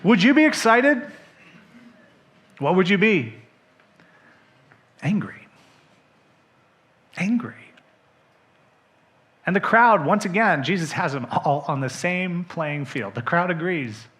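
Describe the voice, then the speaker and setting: This pastor's voice sits high and moves a little slowly as he delivers his sermon. He brings the story to life, voicing each character's quoted words and questioning the congregation directly.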